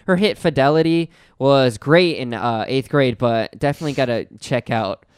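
A man's voice: medium pitch, normal speed, clear, resonant tone, dry recording, studio quality. A man hosting a college radio show, chatting eagerly about bands in a rambling way with many restarts. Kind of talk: casual chat. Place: radio studio.

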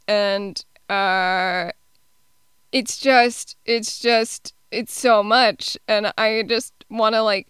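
Bright, crisp-voiced woman podcast host. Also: a little high, no room sound, clean studio sound. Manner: relaxed, hesitant with many ums. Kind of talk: casual film review chat.

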